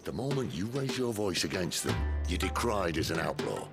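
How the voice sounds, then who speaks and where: An actor playing a cynical middle-aged male rebel leader with a deep, gravelly voice and a wry, world-weary manner. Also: sing-song, moderate pace. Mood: bitter. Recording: game audio with music behind.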